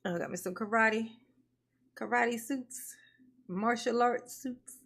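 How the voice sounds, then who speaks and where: A playful woman chatting live with her audience at an unhurried, drawn-out pace, her voice pitched a little high. She laughs often and calls her viewers honey and baby as she greets them one by one. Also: creaky, a bit bright. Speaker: livestream commentary host. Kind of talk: casual livestream chat with viewers.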